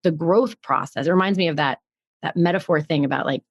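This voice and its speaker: A woman's voice: low-pitched, fairly quick, dry recording, highs cut off. A woman co-hosting a podcast, thinking aloud in casual reflective chat with frequent restarts. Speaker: podcast co-host.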